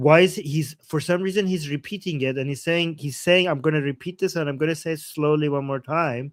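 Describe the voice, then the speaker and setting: A man interprets a guest's words for a live stream audience, thinking out loud as he goes. His voice sits a little high. The sound is dry and close, and he talks in halting bursts full of restarts. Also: dry recording. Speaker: host translating a guest.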